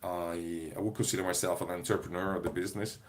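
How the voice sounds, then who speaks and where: A comedy performer chatting casually to camera in a rambling, digressive way, often breaking into laughter. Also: male voice, low voice, fairly even intonation, quick pace. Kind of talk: casual vlog monologue.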